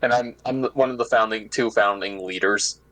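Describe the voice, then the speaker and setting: Casting: eager young-sounding club leader, rambling and chatty, dry close sound. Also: male voice, on the low side, moderate pace, a bit bright, no room sound, low-quality recording. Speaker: club leader joining a meeting. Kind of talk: casual meeting talk.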